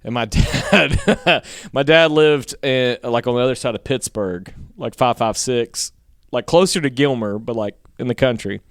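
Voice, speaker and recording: A man co-hosting a podcast, telling a rambling, profane story in casual chat and getting animated when he quotes others. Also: mid-range voice, a little slow, clear, resonant tone, dry recording, clean studio sound.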